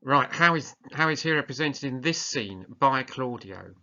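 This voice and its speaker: A male teacher talks through a recorded lesson, setting tasks in a plain, sometimes hesitant way. His voice is bright and forward. The sound is muffled and lo-fi. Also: mid-range voice, animated, moderate pace.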